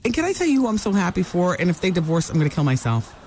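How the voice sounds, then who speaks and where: A woman's voice: lowish voice, sing-song, fast, darkish tone, a little hiss or hum. A woman hosting a talk radio show, dishing celebrity gossip in a brassy, teasing manner.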